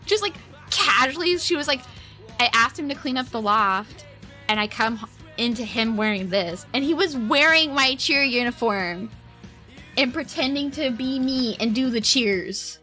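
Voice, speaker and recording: A woman's voice: sits high, expressive, normal speed, sharp tone, faint music behind. A young woman streaming, telling a long family story in a rambling, giggly way, peppering every phrase with "like". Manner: rambling, giggly, heavy use of "like". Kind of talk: casual storytelling to a live chat.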